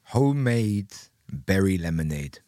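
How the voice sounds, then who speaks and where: A young man chatting casually as a guest, animated, laughing often and restarting his sentences. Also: low voice, unhurried. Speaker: podcast guest. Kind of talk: casual chat.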